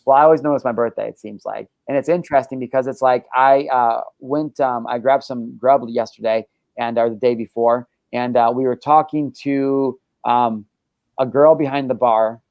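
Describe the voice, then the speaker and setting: A man's voice: medium pitch, steady tone, moderate pace, creaky, no echo, lo-fi sound. A man hosting a casual podcast, talking in a brash, boastful and profane way. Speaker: podcast host.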